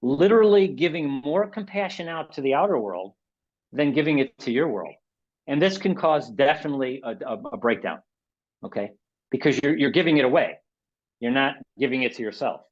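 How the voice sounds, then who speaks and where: A man's voice: mid-range voice, animated, a little fast. Sixties american guy presenting a webinar, rambly, restarts a lot, kinda lo-fi sound. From United States. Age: 60s. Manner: rambling, repeats words, restarts often. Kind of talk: casual talk in a webinar.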